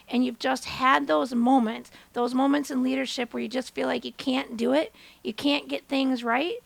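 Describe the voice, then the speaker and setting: A podcast host, a woman in her thirties, shares a personal story as a motivational monologue, voicing the quotes with big leaps in pitch. Her tone is gravelly and fairly bright, and the recording is dry.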